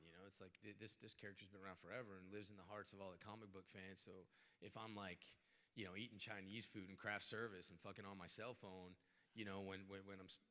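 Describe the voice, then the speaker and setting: A man talks in loose, rambling bursts, stumbling over his words and cursing as he answers fans. His voice is bright and forward. A long hall reverb trails behind him. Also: on the low side. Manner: rambling, stammering, swears freely. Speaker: guest actor at convention panel. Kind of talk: casual Q&A answers. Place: large convention hall.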